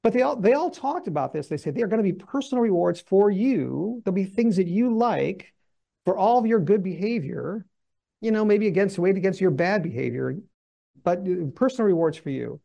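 A male Bible teacher with a high voice, a gravelly edge and a dark, mellow tone. He talks through scripture in a conversational way and acts out the people he quotes. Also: animated, fairly quick. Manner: conversational with restarts.

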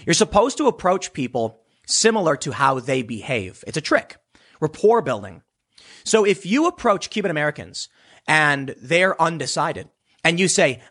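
A man talks through political commentary in a casual, animated way. His voice is husky and sits a little high, and his pitch swings widely as he jumps into mocking voices. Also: normal speed. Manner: animated, mocks others with put-on voices.

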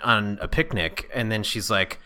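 A man's voice: fairly low pitch, sharp tone. A man co-hosting a podcast, teasing his partner and joking through a casual movie review. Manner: teasing, quick to correct and joke. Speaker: podcast co-host.

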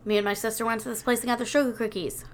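A woman's voice: fairly high pitch, steady tone, very fast. A woman in her thirties chatting casually as a podcast co-host, a rambling storyteller who swears a lot. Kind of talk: casual chat.

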